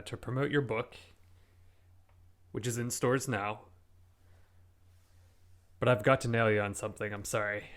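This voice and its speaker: A man's voice: mid-range voice, a bit bright. A man with a mid-range voice hosts a comic talk show, hesitant and full of fillers. His delivery stays plain and conversational.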